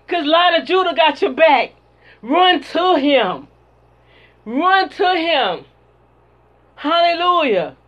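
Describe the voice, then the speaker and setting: A woman preacher delivering a sermon and prayer in a fervent, repetitive cadence, on a dull lo-fi recording. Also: sits high. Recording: dull lo-fi sound.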